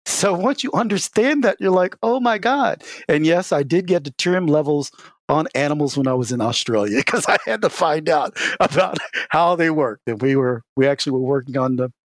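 A man speaking as an expert guest in a casual interview, telling stories in an animated way with many "you know" fillers. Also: fairly quick, dry recording, clean studio sound. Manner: lively, swings in pitch. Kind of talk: casual explanatory interview talk.

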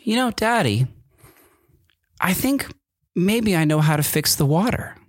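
A man voicing his sweet, eager little son, raising his voice into a high, earnest child's tone. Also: very animated, measured pace, no room sound, studio quality, heavily acted. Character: sweet, eager little boy, proud of himself.

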